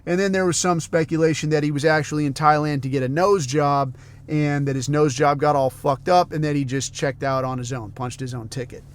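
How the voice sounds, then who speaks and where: A man's voice: a little high, steady tone, fairly quick. Profane middle-aged man ranting. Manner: profane, rambling storytelling. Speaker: podcast host. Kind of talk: casual rant.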